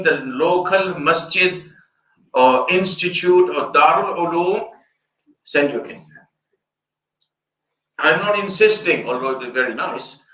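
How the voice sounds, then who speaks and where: Bright older man lecturing in echoey hall. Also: a little high. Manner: explanatory, lecturing. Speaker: Islamic scholar giving a talk. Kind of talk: fundraiser lecture. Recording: echoey room, distant mic.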